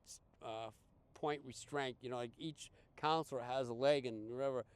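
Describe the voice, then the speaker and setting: Male podcast guest, conversational storyteller, smooth clear tone, mid pitch, lots of false starts. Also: moderate pace. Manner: rambling, full of restarts and fillers, animated quoting. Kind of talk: casual storytelling.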